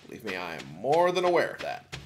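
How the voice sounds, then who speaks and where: A man muttering casual commentary to himself while playing a game, now and then breaking into sudden excited yelps. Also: on the low side, fast. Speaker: let's play gamer. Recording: noisy home recording.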